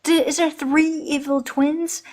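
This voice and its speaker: A woman co-hosting a drama review video, talking in a casual, animated and exasperated way. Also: high voice, measured pace. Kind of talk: casual chat.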